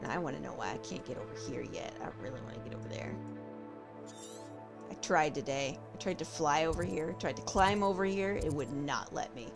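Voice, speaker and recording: Game music runs underneath as a woman from California chats casually on her gaming stream, reacting to viewer comments and thinking aloud. She speaks a little fast, her low voice expressive and creaky.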